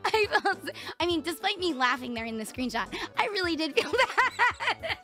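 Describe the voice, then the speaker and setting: A woman streamer telling a story to her chat in a rambling, animated way, laughing often and swearing freely. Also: very high-pitched, normal speed. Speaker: VTuber streamer.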